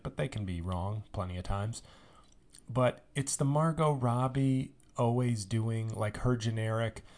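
A man hosts a solo podcast in a loose, rambling monologue. He is sarcastic and swears freely, and his pitch sits in an ordinary middle range. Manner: sarcastic, rambling, swears freely, mocks actors with put-on voices. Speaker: podcast host.

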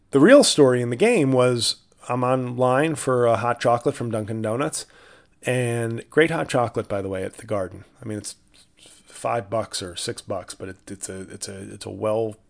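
A man hosting a solo podcast who tells rambling, self-deprecating stories full of asides and restarts. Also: medium pitch. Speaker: comedian podcast host.

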